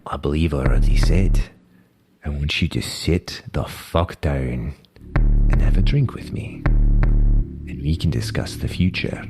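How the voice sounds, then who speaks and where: A man's voice: rumbling low, measured pace, gravelly, pauses often, over music, exaggerated voice. A man putting on a menacing Scottish crime boss. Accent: put-on Scottish. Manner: softly menacing, drops into whispers. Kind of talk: tabletop role-play character voice.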